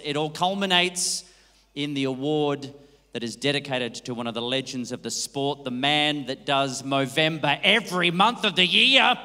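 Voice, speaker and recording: A man hosting an awards night as master of ceremonies, cracking quick jokes and bantering with the crowd. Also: on the high side, sharp tone. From Australia. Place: large hall. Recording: long hall reverb.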